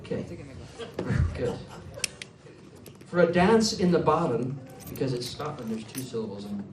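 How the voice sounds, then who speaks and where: A man's voice: medium pitch, animated, measured pace, noisy background. A man leading his band on stage, joking with the audience and teaching them a sing-along chorus. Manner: playful, teaching the crowd a chorus. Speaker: bandleader and singer. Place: live music cafe venue. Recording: echoey room, mic from a distance, loud band. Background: band instruments.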